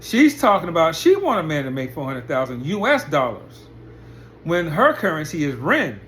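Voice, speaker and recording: A man's voice: a little high, huge pitch swings, moderate pace, a bit bright. A man delivers a blunt, profane commentary monologue, firing off one rhetorical question after another. His voice sits a little above the usual for a man. A faint hiss of noise runs under the recording. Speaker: commentary channel host.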